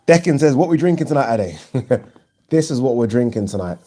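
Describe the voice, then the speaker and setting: A man hosting a casual live stream, chatting and reading viewer comments aloud in an animated way. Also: medium pitch, brisk. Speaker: boxing channel host.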